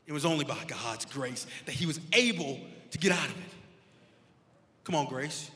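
A man preaching a sermon as a pastor, moving between quiet storytelling and shouted calls to the congregation. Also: mid-range voice, animated, normal speed. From Florida, USA. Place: church sanctuary. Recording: echoey hall with long reverb.

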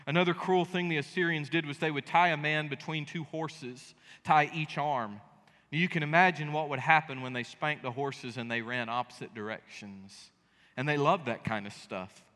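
A man pastor preaching a sermon in a church sanctuary, animated and joking as he tells the story. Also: fairly high pitch, moderate pace. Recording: echoey church hall.

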